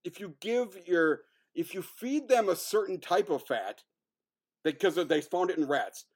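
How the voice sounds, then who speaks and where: Animated, high-voiced man ranting about films. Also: a little slow. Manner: excitable, swears often, laughs a lot. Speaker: podcast co-host. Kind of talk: casual film review chat.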